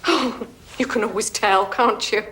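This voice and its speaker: A woman's voice: mid-range voice, steady tone, a little slow, fairly bright tone, a little hiss or hum, close to an everyday voice. An actress playing a suspicious, chatty landlady, speaking. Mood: indignant. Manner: indignant, chatty. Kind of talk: television drama acting.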